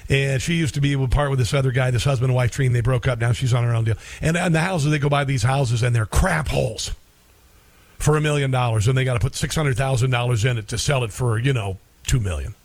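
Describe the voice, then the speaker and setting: A man's voice: mid-range voice, fast talker, no room sound. A middle-aged man hosting talk radio in a rambling, folksy monologue full of fillers.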